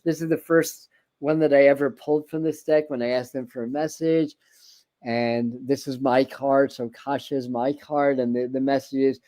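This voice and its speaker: A man's voice: mid-range voice, steady tone, moderate pace, dark tone. A man hosting a tarot livestream in casual chat, rambling with many restarts and repeated words. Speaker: tarot reader and livestream host.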